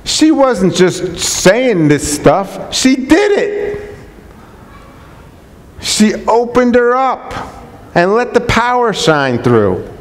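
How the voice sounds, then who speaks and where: A man's voice: extremely high pitch, sing-song, drawn-out words. Earnest man speaking in a reverberant hall. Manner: earnest, repetitive, enthusiastic preaching tone with restarts. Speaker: chiropractor speaking to colleagues. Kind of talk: unscripted talk to a live audience.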